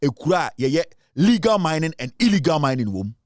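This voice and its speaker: A man's voice: fairly high pitch, very animated, fairly quick, a little mellow, dry recording, clean studio sound. A Ghanaian man giving impassioned commentary, mixing English and Twi in a fiery, emphatic way.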